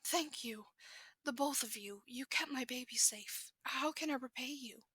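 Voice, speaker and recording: Woman doing a worried mom near tears, bright high voice, dry sound. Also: measured pace, breathy edge, no room sound, exaggerated voice. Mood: relieved. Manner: anxious, fussing. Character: worried young mother, tearful and relieved.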